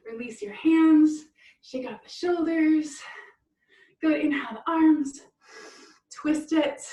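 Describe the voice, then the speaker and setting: A woman's voice: sits high, darkish tone, reverberant, distant mic, low-quality recording. A woman fitness instructor leading an online cool-down and stretch class, encouraging and upbeat, laughing often. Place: room at home on a video call.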